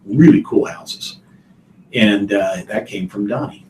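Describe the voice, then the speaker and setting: A man's voice: fairly low pitch, takes it slowly, darkish tone, slight background noise. Chatty man telling a story in a roomy room. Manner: chatty, chuckling, with many you-knows and uhs. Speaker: real estate exam instructor. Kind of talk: folksy storytelling in a live online class. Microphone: computer mic on a video call.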